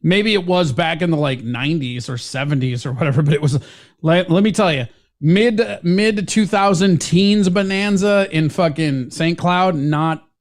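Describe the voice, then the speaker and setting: A man co-hosts a casual show. He tells loose, rambling stories and swears often. His voice sits a bit high. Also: normal speed. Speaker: co-host. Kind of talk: casual radio show banter.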